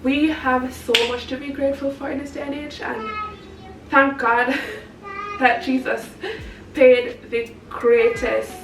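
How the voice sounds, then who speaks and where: Woman vlogger, high voice, rambling and chatty, recorded from a distance in an echoey space. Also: level tone, slow pace, background noise. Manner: rambling and chatty, laughs often. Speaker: vlogger and mother. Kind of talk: casual chat to camera.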